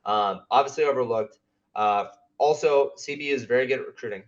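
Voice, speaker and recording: A man co-hosting a podcast, talking in a measured, hedging way and repeating his points. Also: medium pitch, dull audio. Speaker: podcast co-host. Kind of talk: casual chat.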